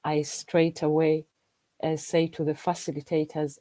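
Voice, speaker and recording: On a video call as a livestream guest, a Ugandan woman chats casually and earnestly in English, which is her second language, often restarting and repeating phrases. Her voice sits low, level and dark, and she speaks unhurriedly. The low-quality recording has no echo.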